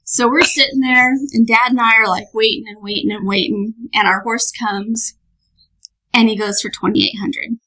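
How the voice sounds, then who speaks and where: Podcast guest, woman, lively storyteller, bright and a bit husky. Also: on the high side, normal speed, poor audio. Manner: lively, laughing, animated storyteller. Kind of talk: casual storytelling.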